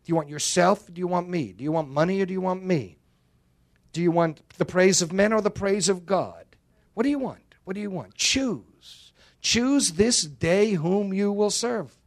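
A man voicing God in a sermon story, asking repeated searching questions in a hushed, solemn, insistent way. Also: sits high, normal speed. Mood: solemn demanding. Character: God, stern and searching, demanding a choice. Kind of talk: sermon anecdote role-play.

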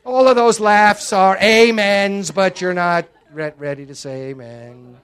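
A man's voice: sits high, unhurried, fairly bright tone, clear, resonant tone. A male preacher giving a sermon in an emphatic, dramatic way, with joking asides.

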